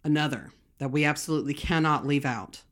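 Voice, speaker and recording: A woman with a Southern US accent co-hosting a casual podcast, playful and quick to laugh, drawling her slang. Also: low-pitched. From American South. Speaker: podcast co-host. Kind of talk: casual chat.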